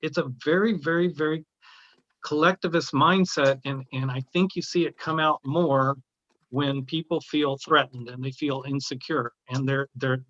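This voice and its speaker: A man who owns an art gallery, speaking as a guest in a discussion, often halting and restarting his sentences. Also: fairly high pitch, fairly even intonation, fairly bright tone, lo-fi sound. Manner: hesitant, many restarts and fillers. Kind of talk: conversational discussion.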